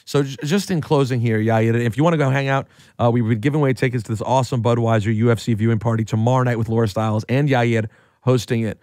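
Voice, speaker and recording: A man's voice: mid-range voice, steady tone, fast, darkish tone, no echo. Man, radio host, teasing banter, studio mic, dry room. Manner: teasing, playful. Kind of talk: joking radio interview banter.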